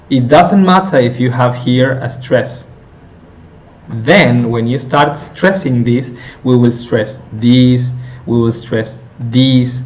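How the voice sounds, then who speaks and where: A male teacher slowly explaining a lesson step by step, with many fillers and self-corrections. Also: medium pitch. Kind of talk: recorded lecture on intonation.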